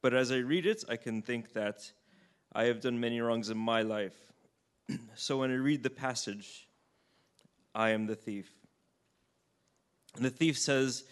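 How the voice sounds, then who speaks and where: A man reading scripture and reflecting on it in an unhurried way, often clearing his throat. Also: medium pitch. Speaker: preacher.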